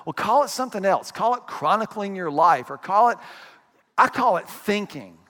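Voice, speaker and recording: Male pastor, high-pitched, chatty sermon delivery, reverberant hall sound. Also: lively intonation, a bit bright. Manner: conversational preaching with asides and quick acted quotes.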